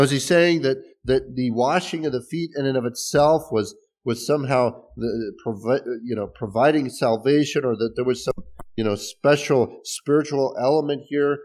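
A man's voice: medium pitch, a little mellow. A man preaching a sermon in a conversational way, explaining scripture with restarts and small laughs. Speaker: pastor.

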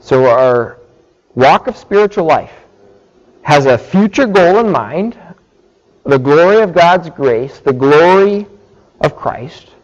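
A man preaching a sermon, explaining scripture slowly and deliberately and checking in with his listeners. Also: a little high, expressive, muffled recording. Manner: slow, deliberate teaching with frequent "okay" check-ins.

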